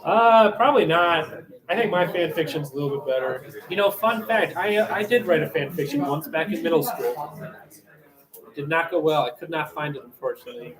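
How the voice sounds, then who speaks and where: A young man streaming, chatting and reading aloud with wry, deadpan commentary. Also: a little high, a little fast. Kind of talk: casual live-stream chat. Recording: echoey room with crowd noise.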